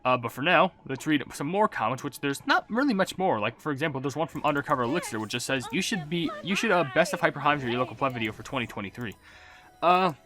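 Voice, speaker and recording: A man casually reading out viewer comments as a gaming YouTuber, rambling and self-mocking, relaxed as if he just woke up. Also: fairly high pitch, fast. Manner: rambling, self-mocking, swaps swear words for silly substitutes; relaxed and laid-back.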